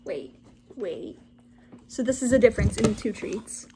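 A woman unboxing dog toys and treats at home in a casual vlog, gently coaxing her dogs between descriptions of each item. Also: on the high side, fairly even intonation, fast talker. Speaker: dog owner reviewing a subscription box. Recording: noisy home recording.

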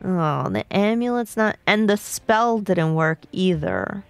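A woman's voice: mid-range voice, expressive, slow, vocal fry, clean tone, no room sound. A woman live-streaming a video game, chatting to her viewers and talking to herself as she plays. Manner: chatty, talks to herself and chat while playing.

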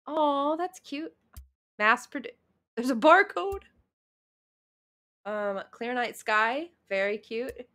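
A woman's voice: fairly high pitch, pushed and bright. A young woman streamer chatting playfully to herself and laughing often while playing a video game live.

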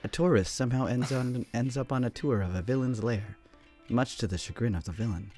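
A man's voice: mid-range voice, fairly quick, loud music behind the voice. A man hosting an improv game stream, talking in a casual, rambling way with frequent restarts and stumbles. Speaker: host. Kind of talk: casual chat.

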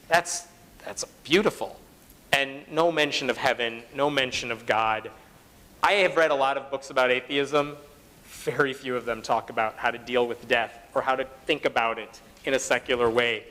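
A man's voice: mid-range voice, moderate pace, pushed and bright. Chatty man speaking in a reverberant hall. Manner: conversational, fillers and quoted asides. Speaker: conference speaker. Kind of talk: public talk to an audience. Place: conference hall.

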